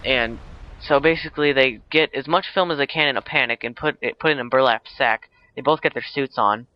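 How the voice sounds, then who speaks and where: A man's voice: mid-range voice, brisk, lo-fi sound. A man casually retelling a film plot, rambling with many fillers and self-corrections. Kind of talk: casual spoken plot summary.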